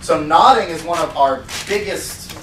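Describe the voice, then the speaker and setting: A man training salespeople at a seminar, talking in a lively way and acting out demo scenes. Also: fairly high pitch, normal speed. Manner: lively, acts out scenes in put-on voices. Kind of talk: animated seminar teaching. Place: seminar room. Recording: roomy sound from a distant mic with faint noise.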